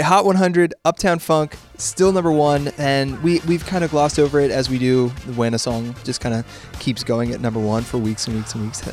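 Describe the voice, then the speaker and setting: A man hosting a pop music podcast, chatting casually and laughing easily, recording in a studio. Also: on the high side. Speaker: podcast host. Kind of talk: casual chat. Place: studio in New York.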